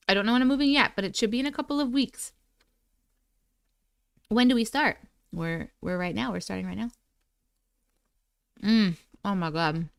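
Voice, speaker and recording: A woman's voice: high voice, a bit bright, clean tone, no echo, clean studio sound. A woman hosting a casual livestream, greeting chatters by name in a playful, sing-song way while snacking. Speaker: livestream host.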